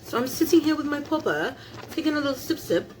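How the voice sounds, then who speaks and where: A woman's voice: high voice, animated, fast talker, a little hiss or hum. A young woman vlogging at home while cooking, chatty and laughing, swearing casually. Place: home kitchen.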